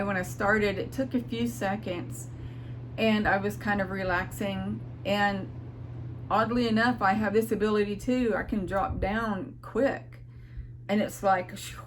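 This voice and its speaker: A woman's voice: medium pitch, a little hiss or hum. Earnest woman sharing a spiritual experience. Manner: earnest, emotional, rambling with restarts. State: near tears at times. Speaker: spiritual vlogger. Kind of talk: casual personal storytelling.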